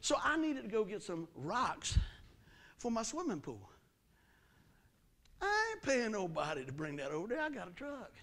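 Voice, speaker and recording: A man's voice: sits high, normal speed, pauses often. A middle-aged man preaching in a church, telling a story in folksy country talk and acting it out with sound effects. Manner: animated, acts out the story with sound effects and voices. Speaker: pastor. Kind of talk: storytelling sermon. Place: church sanctuary.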